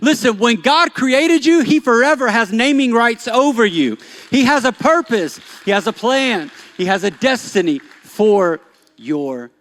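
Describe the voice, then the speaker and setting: A man preaching a sermon as pastor, shifting from animated emphasis to soft-spoken storytelling. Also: very high-pitched, measured pace. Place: church stage.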